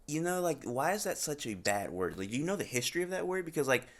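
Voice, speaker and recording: Male podcast host, relaxed and trailing, bright lively delivery. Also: fairly high pitch, quick pace. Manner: laid-back, trails off quietly, laughs loudly. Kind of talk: casual interview chat.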